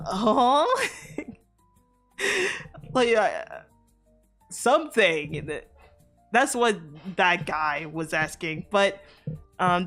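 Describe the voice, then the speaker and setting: A woman's voice: on the low side, a bit bright. A woman streamer telling a casual, rambling story to her chat, full of fillers, restarts and the odd swear word. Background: faint background music.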